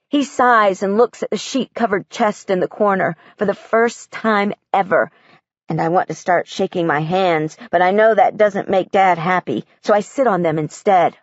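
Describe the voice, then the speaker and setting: A woman's voice: mid-range voice, normal speed, no echo, highs cut off. A woman narrating an audiobook in the first person, in a matter-of-fact, literal and earnest manner.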